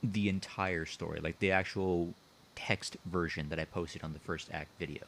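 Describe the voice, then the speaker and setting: A man with a deep, low voice talks casually over a computer mic on an online call. He thinks aloud, circling back to the same points as he explains his own story. A faint hiss sits under his voice. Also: steady tone, moderate pace, fairly bright tone, rough recording.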